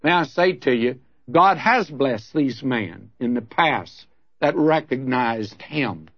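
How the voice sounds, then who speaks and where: A man's voice: medium pitch, expressive, takes it slowly, dry recording, dull audio. An older man teaching the Bible on radio, telling folksy stories and throwing out emphatic questions.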